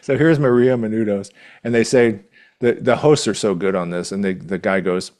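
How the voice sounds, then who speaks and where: Speaking at a moderate pace with a darkish, lowish voice, a man co-hosts a podcast. His casual chat is eager and meandering, with many restarts.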